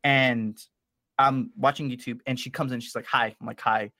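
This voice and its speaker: A man's voice: mid-range voice, normal speed, no echo. Young man telling a story, dry sound. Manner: animated storyteller, acts out both sides of a dialogue. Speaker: podcast co-host. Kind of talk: casual storytelling chat.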